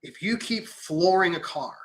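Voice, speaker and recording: A young man in casual podcast chat, telling animated stories, acting out quotes and swearing freely. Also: sits high, unhurried. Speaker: podcast host.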